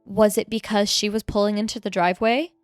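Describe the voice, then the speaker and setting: Excitable, easily spooked woman. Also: medium pitch, brisk, no room sound, soft background music. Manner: excitable, jumpy, easily spooked, reacts loudly. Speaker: podcast co-host. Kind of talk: casual chat.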